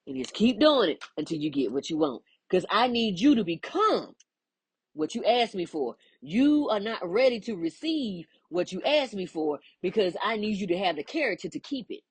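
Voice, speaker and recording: A woman giving a lively, inspirational faith talk, playful and quick to laugh, with folksy asides. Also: mid-range voice, breathy edge, no room sound. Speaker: spiritual teacher.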